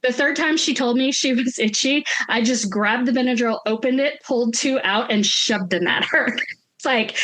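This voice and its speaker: Woman on a chat podcast, higher voice, animated storytelling, does little voices for the people she quotes. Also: moderate pace. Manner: animated, acts out quoted voices, laughs often. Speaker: podcast co-host.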